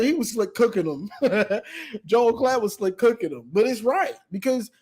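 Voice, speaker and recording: A man hosting a live sports call-in show, telling a trash-talk story with laughter and lots of quick restarts. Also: high-pitched, slightly rough. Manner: animated storytelling, acting out both sides of a trash-talk exchange with laughter; frequent stammered restarts.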